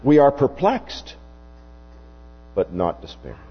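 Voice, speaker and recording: A husky-voiced male preacher delivers a sermon at an unhurried pace, his pitch swinging widely for emphasis. The sound is dull and lo-fi, with a faint mains hum beneath it. A long reverb trails each phrase through the hall. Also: wildly swooping pitch.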